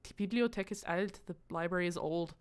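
A woman streamer chatting casually to her live audience, excitable and quick to swear, with sudden loud outbursts, sounding out foreign phrases as she practices them. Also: on the low side, clear, resonant tone. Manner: repeats foreign phrases aloud while practicing.

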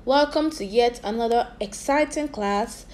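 A woman English teacher leading a phonics lesson for young children, slowly sounding out and spelling words for them to repeat. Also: a little high, darkish tone. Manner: slow, drilled repetition of sounds and spellings.

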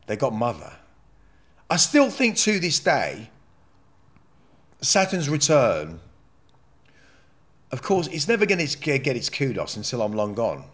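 A man's voice: mid-range voice, wildly swooping pitch, measured pace, pauses often, a bit bright. Blunt, swearing man telling his story. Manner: blunt and profane, emotional, rambling. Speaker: podcast guest. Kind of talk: candid interview storytelling.

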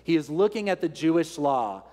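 A man's voice: fairly high pitch, sing-song, normal speed, mellow. A man preaching a sermon in an earnest teaching tone, asking rhetorical questions. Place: large church sanctuary. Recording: long church reverb.

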